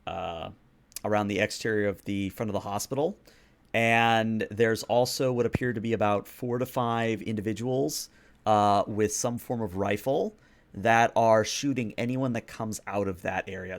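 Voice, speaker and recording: Man, game master, lowish voice, casual scene narration, tabletop role-play. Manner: loose, conversational scene-setting with fillers.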